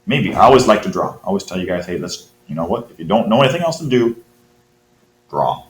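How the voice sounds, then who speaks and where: A man's voice: sits low, sing-song, quick pace. A man teaching math, thinking aloud as he works through a quiz problem and encouraging his students. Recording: roomy with faint hum.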